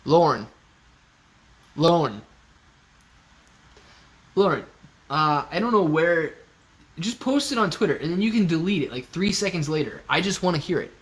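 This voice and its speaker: A man's voice: fairly high pitch, very animated, unhurried, long pauses. Chatty man hosting a livestream. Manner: joking, loose, talks to chat by name. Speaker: livestream host. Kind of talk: casual livestream chat reading comments. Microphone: phone used as webcam.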